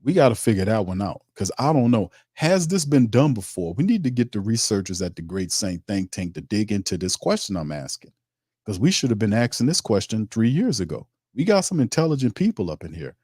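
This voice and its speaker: A man's voice: lowish voice, very animated, a little fast, a little mellow, no room sound, clean studio sound. A man hosting a sports talk stream, reading chat comments and ranting emphatically in informal, streetwise speech. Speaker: sports show host.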